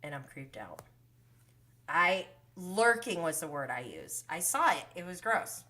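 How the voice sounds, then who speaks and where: Woman, casual recap host, bright and punchy delivery, gossipy, laughs and swears freely. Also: on the low side, big pitch swings, measured pace.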